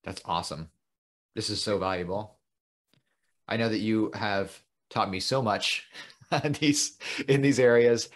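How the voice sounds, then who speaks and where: A man's voice: fairly low pitch, unhurried, long pauses, a bit bright. A man hosting a podcast, chatting casually and praising his guest with enthusiasm. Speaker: podcast host. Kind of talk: casual interview talk.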